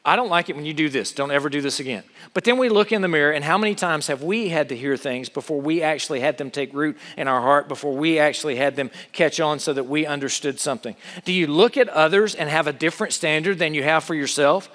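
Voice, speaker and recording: Male pastor, earnest sermon delivery, rhetorical questions, high voice. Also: fast talker, few pauses, fairly bright tone, in a large hall.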